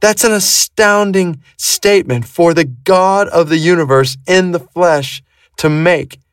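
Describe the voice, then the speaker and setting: A man, a pastor, giving an earnest devotional Bible teaching that turns into prayer, shifting between emphatic and hushed delivery. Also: high voice, measured pace, smooth, no echo, clean studio sound, recorded from a distance.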